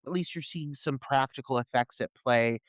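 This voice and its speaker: A man co-hosting a podcast, reviewing a movie in an animated, incredulous way and swearing freely. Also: mid-range voice, moderate pace, dry recording. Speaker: podcast co-host. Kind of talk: casual movie review chat.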